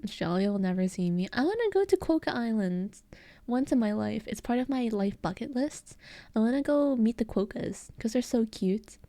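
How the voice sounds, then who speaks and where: A woman's voice: fairly high pitch, lively intonation, normal speed, warm tone, no echo. An American woman with an Eastern American accent, chatting casually with her live chat as a streamer and giggling often. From United States.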